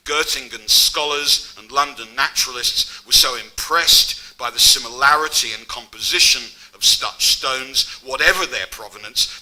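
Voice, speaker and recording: A man in middle age delivers a public academic lecture at an even middle pitch. His tone is very bright and crisp. He tells the story in a scholarly way but keeps adding dry, wry asides. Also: rough recording.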